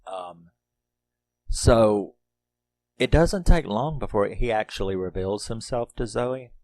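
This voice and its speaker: A man's voice: fairly low pitch, animated, slow pace, a little mellow, dry recording. A middle-aged man reviewing a horror movie in casual, rambling talk, laughing often and swearing freely.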